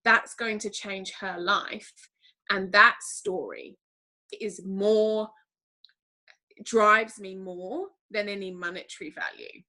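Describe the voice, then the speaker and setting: A woman from Britain chats openly in an interview. Her voice is bright and clear, and she talks in a candid, animated way with plenty of fillers. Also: medium pitch, slow, low-quality recording. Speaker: interview guest, team leader. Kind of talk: casual interview talk.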